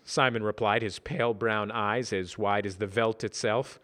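A man narrating a story in a dry, measured reading. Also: fairly low pitch, steady tone, a bit bright. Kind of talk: audiobook reading.

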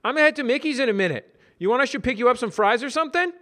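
A man's voice: very high-pitched, animated, very fast, fairly bright tone, pitched above the performer's own voice. A man voicing Brad, a chatty, easygoing heavyset coworker with a casual, folksy way of talking.

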